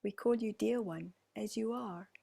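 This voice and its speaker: A woman with a New Zealand accent leading a channeled group session, speaking slowly and formally as "we". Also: mid-range voice, vocal fry, breathy edge. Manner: slow, soft, formal speech speaking as "we".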